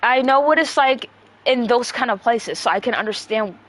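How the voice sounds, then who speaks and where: A young woman ranting on a livestream into a close mic, combative and full of swearing, talking fast and breathing hard. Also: fairly high pitch, a bit bright. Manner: profane, combative, rapid rants with breathing. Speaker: livestreamer answering chat.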